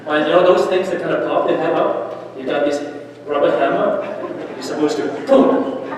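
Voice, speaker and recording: A man's voice: fairly high pitch, normal speed, distant mic, a little hiss or hum. Man preaching in an echoey church. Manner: animated, anecdotal, with asides and laughter. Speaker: priest leading a Lenten mission. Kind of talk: sermon. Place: large church.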